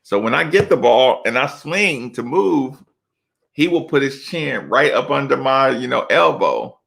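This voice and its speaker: A man's voice: medium pitch, big pitch swings, unhurried, gravelly, a bit bright. A middle-aged man, a former college basketball player, telling loose, slangy stories in casual chat with lots of asides.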